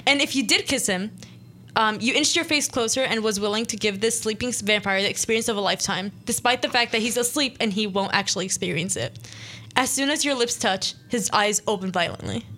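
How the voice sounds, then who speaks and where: A young woman hosting a small radio show, reading her own interactive story aloud in a playful, quick way. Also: a little high, sharp tone, slight background noise. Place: small studio.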